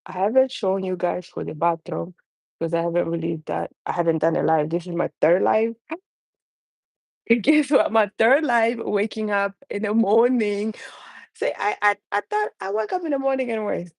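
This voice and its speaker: A woman's voice: mid-range voice, expressive, moderate pace, vocal fry, darkish tone, no room sound. A young adult woman with a non-native accent chatting casually and rambling on a live stream from her home kitchen. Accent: non-native English. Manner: chatty, rambling, frequent restarts. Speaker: caregiver mom vlogger.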